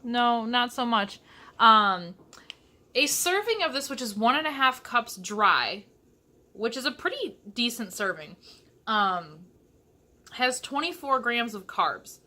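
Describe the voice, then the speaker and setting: A woman's voice: fairly high pitch, animated, takes it slowly, sharp tone. A young woman from Michigan chatting casually through a cooking vlog in her home kitchen, with sassy asides. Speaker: vlogger.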